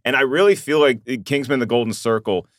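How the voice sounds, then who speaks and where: A man's voice: medium pitch, fairly quick, no room sound, studio quality. A man hosting a podcast, talking about films in an enthusiastic, rambling way. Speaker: podcast host. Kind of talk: casual podcast chat.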